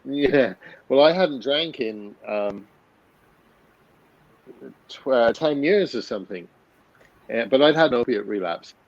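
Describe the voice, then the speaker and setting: A man's voice: mid-range voice, lively intonation, slow, long pauses, highs cut off. A man in his fifties, a guest telling a personal story in a blunt, candid way, swearing freely and often restarting his sentences. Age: 50s.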